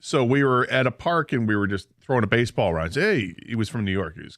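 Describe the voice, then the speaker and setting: A man co-hosting a sports talk radio show, telling a story in a chatty, halting way with "uh"s and quick laughs. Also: medium pitch, animated, a bit bright, no echo, clean studio sound. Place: radio studio.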